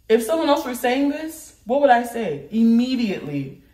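A woman vlogger with the flu chatting in a rambling way, with sudden animated outbursts. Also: a little high, moderate pace. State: sick with the flu. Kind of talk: casual chat. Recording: roomy echo.

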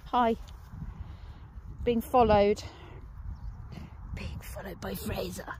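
Speaking very slowly in a steady, slightly mellow mid-range voice, a woman chats casually in a vlog and coos baby talk at her animals. She starts outdoors with them and then moves home, with faint background noise.

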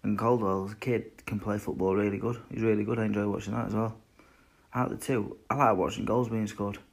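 A man's voice: on the low side, fairly even intonation, brisk, gravelly, breathy edge. A man in his twenties, a boxer, answering fan questions in a blunt, sweary, rambling chat. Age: 20s. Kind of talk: casual chat.

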